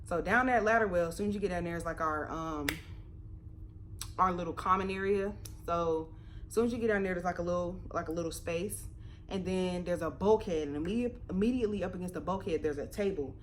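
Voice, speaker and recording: A young woman in a casual storytime vlog, talking in a slightly low voice. She tells it in an animated way, laughs a lot and swears without a second thought. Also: fairly quick, a little hiss or hum. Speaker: vlogger.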